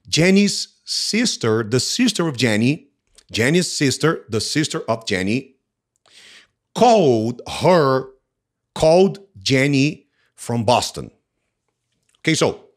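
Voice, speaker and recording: A Portuguese-speaking man with a Brazilian accent leads an English lesson, repeating each phrase several times. He asks questions and answers them himself. His voice swings widely in pitch while his pace stays slow and careful. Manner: switches between English and Portuguese. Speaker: English teacher. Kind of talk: language lesson reading and explaining a story.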